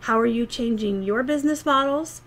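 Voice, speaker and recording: A woman's voice: a little high, normal speed, fairly bright tone. A woman, talking chattily and sarcastically to viewers in a rambling vlog about her reselling business. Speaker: eBay reseller vlogger. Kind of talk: casual vlog talk.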